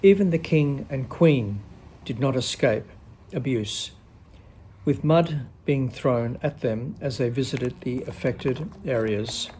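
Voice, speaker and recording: A man reads a spoof news bulletin in a steady presenter's voice that sometimes trails off. His pitch is ordinary for a man, and a faint hiss sits under the recording. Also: takes it slowly.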